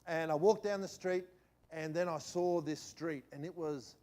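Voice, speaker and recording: A middle-aged man, a pastor telling a personal story in a sermon, animated and shifting between loud and quiet. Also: fairly high pitch, moderate pace. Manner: animated anecdote-telling with swings in loudness.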